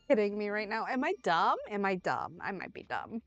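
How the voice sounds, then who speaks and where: Excitable young woman swearing at a game. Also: mid-range voice, normal speed, hardly any pauses, lo-fi sound. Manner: excitable, swears freely, pleads and yells at the game. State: under the weather. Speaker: streamer. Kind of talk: casual gameplay commentary. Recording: dry close mic with faint game music.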